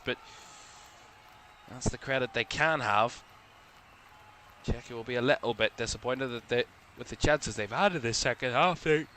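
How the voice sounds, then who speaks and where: Bright-voiced man calling football live. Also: medium pitch, slight background noise. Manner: relaxed, chatty, thinking aloud with small self-corrections. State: yawning, a little drowsy. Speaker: watchalong commentator. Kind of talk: live play-by-play football commentary.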